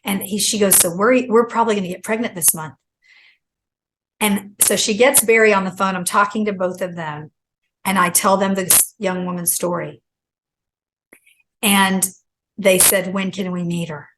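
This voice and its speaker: Middle-aged woman telling an animated story. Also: moderate pace, pauses often, a little hiss or hum, rough recording. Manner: acts out quoted speech with big pitch jumps. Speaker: guest author.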